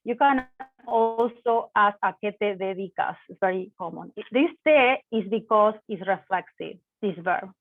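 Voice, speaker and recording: Over a tinny, dry, phone-like line, a woman who speaks Spanish natively teaches an online Spanish lesson. She has a mid-range voice and explains slowly, correcting herself and drawing on Spanish examples.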